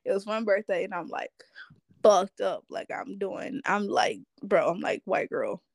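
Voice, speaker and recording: A woman's voice: medium pitch, expressive, unhurried, gravelly, no room sound, studio quality. A woman hosting a podcast in a casual, laid-back chat, full of slang, laughing often and trailing off mid-sentence. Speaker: podcast host.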